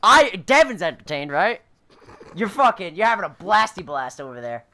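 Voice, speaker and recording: A tired man playing a video game and commenting casually, excitable and swearing, laughing with loud outbursts. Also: high voice, normal speed. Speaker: let's play host.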